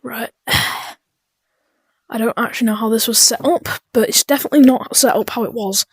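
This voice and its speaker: A woman giving chaotic, dark-humored let's-play commentary, muttering and often dropping into whispers. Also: a little high, moderate pace, slightly rough, dry recording, clean studio sound. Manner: drops into whispers. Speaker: gaming YouTuber.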